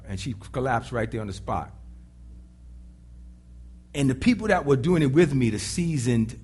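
A man preaching a sermon in an animated, dramatic way, with sudden shouts and voices acted out. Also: mid-range voice, normal speed, long pauses, slightly rough.

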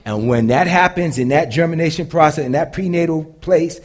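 A man with a deep voice preaching a sermon to a live congregation, moving between loud and hushed delivery. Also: normal speed. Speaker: pastor.

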